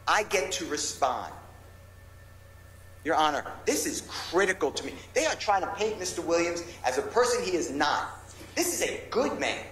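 A man's voice: a little high, sing-song, normal speed, fairly bright tone, roomy sound, slight background noise, poor audio. A male defense lawyer arguing insistently and passionately before a judge in a courtroom. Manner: impassioned, insistent pleading. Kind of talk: courtroom argument. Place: large courtroom.

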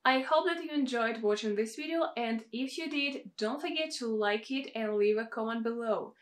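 A woman with a Russian accent, a native Russian speaker teaching pronunciation carefully, repeating each word. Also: fairly high pitch. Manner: slow, careful, repeats words for practice. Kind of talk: pronunciation lesson.

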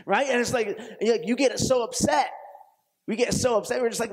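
A man preaching a sermon as pastor, telling stories with lively acted-out quotes and frequent laughter, often restarting phrases and checking with his audience. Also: very high voice, normal speed, breathy edge. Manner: animated storytelling, acts out quoted voices, laughs often; repetitive restarts, asks audience questions.

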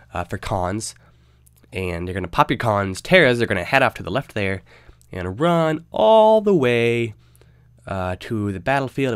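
A man's voice: low-pitched, fairly bright tone, smooth, no room sound, clean studio sound. A young man with a stuffy, nasal voice from a cold, casually narrating a game guide with loose, rambling fillers. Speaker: game guide video host.

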